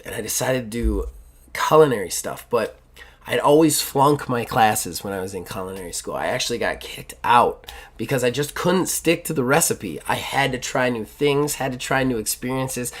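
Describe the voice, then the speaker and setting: A man's voice: medium pitch, a bit bright. A man voicing a curious, cheerful woman baker in a tabletop game, talking enthusiastically and rambling with fillers.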